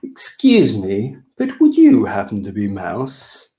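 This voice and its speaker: A man's voice: lowish voice, huge pitch swings, takes it slowly, dark tone, heavily acted. A man voicing a brave, polite little male kitten in a children's storybook reading, eager and bold.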